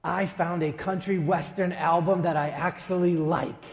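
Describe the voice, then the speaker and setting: A man preaching a sermon as a pastor, emphatic, with dramatic pauses and quick asides. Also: on the high side, fairly even intonation, vocal fry, long reverb tail. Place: church sanctuary.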